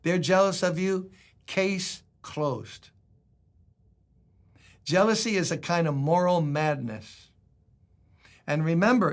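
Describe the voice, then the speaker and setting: An older man, a pastor, giving a devotional sermon in a conversational style, acting out quoted lines with dramatic emphasis. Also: on the high side.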